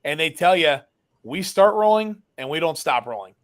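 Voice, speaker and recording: Guy telling his founder story, bit high pitched, lively, lots of likes and you knows. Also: normal speed. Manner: animated, acts out dialogue, many fillers. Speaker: business founder guest. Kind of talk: casual storytelling.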